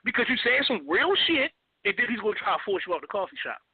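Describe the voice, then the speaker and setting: A man hosting a casual radio chat show, animated and repetitive, often asking for agreement. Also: high voice, fast, husky, no echo, narrow, tinny audio. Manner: animated, repeats himself, keeps asking for agreement.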